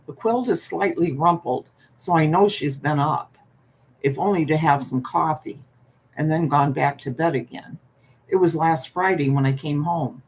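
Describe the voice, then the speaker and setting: A woman reading a short story aloud at bedtime in a calm, unhurried way, then saying good night to her listeners. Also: deep voice, slight background noise.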